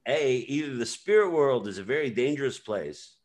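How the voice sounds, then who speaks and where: A man's voice: mid-range voice, expressive, moderate pace. A man hosting a podcast in casual conversation, talking in a meandering way with many fillers as he retells scenes. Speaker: podcast host.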